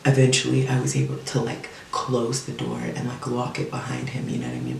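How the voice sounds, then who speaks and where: Gravelly woman, candid profane storyteller. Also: rumbling low, moderate pace, a little mellow, a little hiss or hum. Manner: candid, profane, chatty with many fillers. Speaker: vlogger telling a personal story. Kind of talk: casual storytime monologue. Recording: echoey room, mic at a distance.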